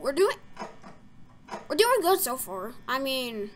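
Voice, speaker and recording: A young woman chatting her way through a game, her high voice bright and bouncing all over the place. She rambles with plenty of fillers and startles easily, with a faint hiss of noise under the recording. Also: big pitch swings, takes it slowly. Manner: jumpy, easily startled, frequent gasps and squeals; rambling, filler-heavy talk. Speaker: gaming video creator. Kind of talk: casual let's-play commentary.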